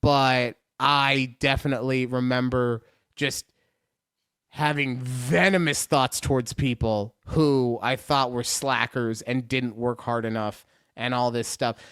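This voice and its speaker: A man's voice: mid-range voice, fairly even intonation, slow pace, fairly bright tone, smooth, no echo, studio quality. A man co-hosting a casual podcast, reading horoscopes aloud with mock-dramatic jokes and free swearing. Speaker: podcast co-host.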